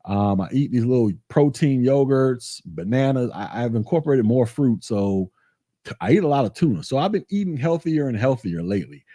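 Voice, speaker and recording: Laid-back man with a warm voice. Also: mid-range voice, moderate pace, dry recording, studio quality. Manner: animated storytelling, colloquial, repeats himself. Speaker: tech channel host. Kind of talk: casual vlog chat.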